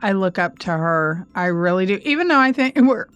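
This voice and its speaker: A woman co-hosting a podcast in casual chat. She laughs often and slows down for emphasis. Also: medium pitch, expressive, a bit bright, clean tone, soft background music. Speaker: podcast co-host.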